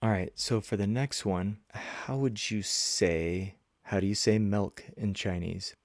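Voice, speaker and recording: Low-voiced man teaching a language lesson. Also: no echo, clean studio sound. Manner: slow, careful modeling of phrases. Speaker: Mandarin teacher.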